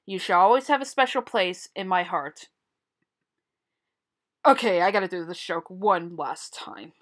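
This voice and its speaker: A woman's voice: on the low side, a little slow, fairly bright tone. A woman giving blunt, opinionated solo commentary on a TV show, swearing freely. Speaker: TV commentary vlogger.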